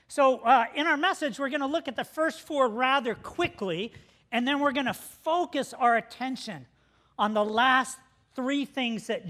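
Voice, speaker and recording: A middle-aged pastor preaching to his congregation in a high, bright voice. He tells a story, laughs along with it and shouts out the quoted lines. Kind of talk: sermon.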